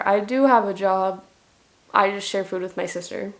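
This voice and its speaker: A woman's voice: mid-range voice, moderate pace. Dry, wry young woman vlogger. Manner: dry, wry and self-mocking. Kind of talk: casual commentary reading comments.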